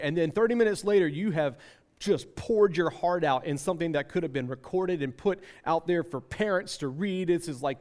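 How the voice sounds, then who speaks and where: A young man giving a conversational sermon about parenting, animated and repeating phrases for emphasis, slipping into acted-out voices. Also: high voice, a little fast. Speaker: speaker at a parenting talk.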